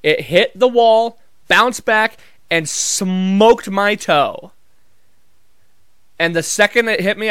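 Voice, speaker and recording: A man's voice: on the high side, pushed and bright, clean tone, dry recording, clean studio sound. A man vlogging in a casual comedic monologue, telling rambling, profane, jokey stories.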